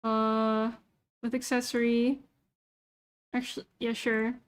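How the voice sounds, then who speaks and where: A young woman with a high voice talks loosely on a livestream. She mutters to herself as she clicks through a website and swears freely. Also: little pitch movement, slow, smooth. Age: young adult. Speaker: VTuber streamer. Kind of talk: casual livestream chat.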